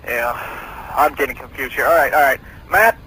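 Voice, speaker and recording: A man's voice: mid-range voice, normal speed, pushed and bright, husky, low-quality recording. A man playing a bumbling police officer on a prank call, trying to sort out a dispute. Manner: bumbling, mediating.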